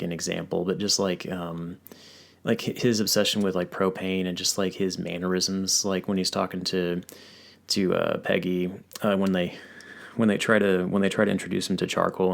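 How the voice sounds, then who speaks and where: A man with a very low, gravelly voice and a lot of vocal fry. He chats casually as a podcast host, rambling through stories and filling the gaps with fillers and restarts. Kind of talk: casual chat.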